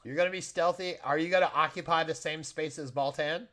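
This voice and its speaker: A man's voice: on the high side, steady tone, a little fast, a bit bright. A man narrating a tabletop game as game master in plain descriptive speech.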